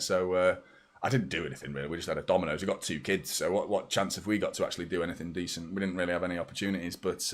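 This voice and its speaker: A man in his thirties hosting a football watchalong live stream, talking casually and rambling as he reads out viewers' messages. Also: on the low side. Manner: chatty, rambling, reads out super chats.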